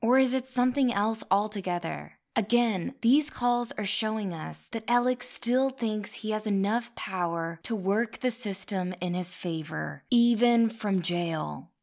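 A woman host delivers scripted podcast narration. She is measured and raises questions as she goes. Her voice sits at an ordinary pitch. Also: a little mellow.

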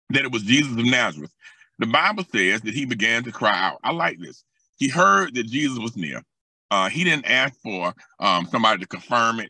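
A man preaching a sermon as pastor, with a Southern US accent, moving between calm scripture teaching with hesitant restarts and raised, emphatic passages. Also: mid-range voice, husky, dry recording. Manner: hesitant fillers and restarts while explaining scripture.

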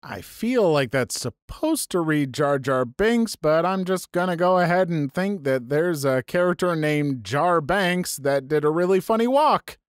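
A man reads viewer stories aloud in a bouncy, lively voice that sits a little high. He slips in sarcastic asides as he goes, and the sound is close and dry. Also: measured pace, few pauses, clear, resonant tone, no echo. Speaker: story channel narrator. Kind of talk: reading online stories aloud.

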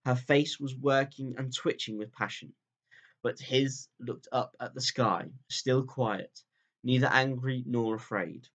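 A man teaching reads a children's book chapter aloud a little slowly, his calm, steady voice dipping low whenever a sentence finishes. The audio quality is dull.

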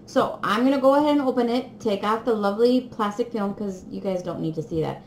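A woman chatting casually to viewers while unboxing, excitable and giggly. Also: mid-range voice, fairly quick. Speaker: crafting vlogger. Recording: echoey room with faint noise.

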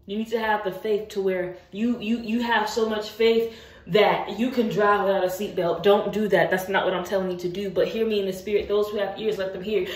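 A woman's voice: mid-range voice, fairly even intonation, a little fast. Woman faith mentor, urgent rhetorical preaching, heard from a distance, roomy sound. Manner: urgent, repetitive, rhetorical questions. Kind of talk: preaching to camera. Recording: roomy room, distant mic.

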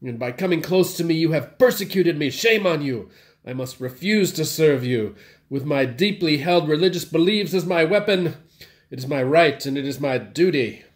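A self-righteous rule-bound man with a Southern accent, put on by a man rails in a raised, pitched-up voice. He sounds pompous and scolding, full of indignation. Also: expressive, normal speed, lightly acted. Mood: indignant. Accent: American Southern.

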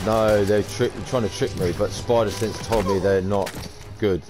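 A man's voice: lowish voice, fairly even intonation, moderate pace, music in the background. A man giving casual, slangy gameplay commentary, chatty and blunt. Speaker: gamer streamer.

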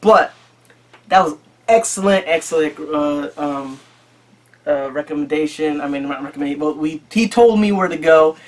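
A man's voice: fairly high pitch, steady tone, moderate pace. A man hosting a casual video about his disc collection, rambling and joking with frequent swearing. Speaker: YouTube collector channel host. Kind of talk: casual chat.

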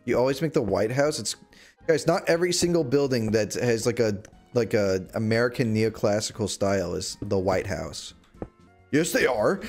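A young man livestreaming a game, chatting to his viewers in a rambling way and bursting into mock-outraged shouts. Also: fairly low pitch, fairly quick, soft background music. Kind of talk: casual gaming livestream chat. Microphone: desk microphone.

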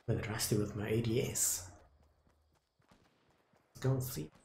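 A young South African man streaming a video game, talking casually to his viewers, muttering at times and loudly dismayed at others. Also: lowish voice, measured pace, gravelly, roomy sound, slight background noise. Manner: talks to viewers as "dudes" and "boys", swings from muttering to loud dismay. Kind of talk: casual live gameplay commentary.

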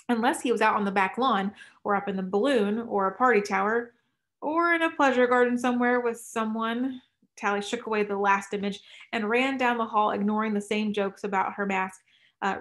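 A woman reading a novel aloud at a measured pace. Her mid-pitched voice drops to a hush for tense moments. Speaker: audiobook narrator. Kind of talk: scripted narration.

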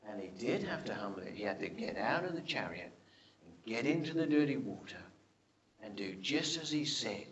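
A man preaching a sermon, telling Bible stories with lively questions to his listeners and dropping his voice low and soft for quoted speech. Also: moderate pace, dull audio, a little hiss or hum. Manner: animated storytelling, drops to a hush for quoted lines; asks the congregation rhetorical questions.

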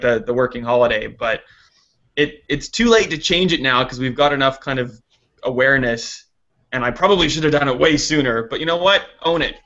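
Canadian-born guy rambling casually, bright sharp voice, lots of "like"s, muffled stream sound. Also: mid-range voice. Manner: chatty, self-deprecating, lots of "like" fillers. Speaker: guest, gaming website founder. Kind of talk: casual chat.

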